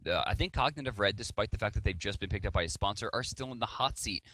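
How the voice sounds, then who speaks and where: A man casting a live esports match, breaking down picks and strategy in quick analytical talk. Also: lowish voice, lively intonation, pushed and bright, no room sound. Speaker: esports caster. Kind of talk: live esports play-by-play commentary.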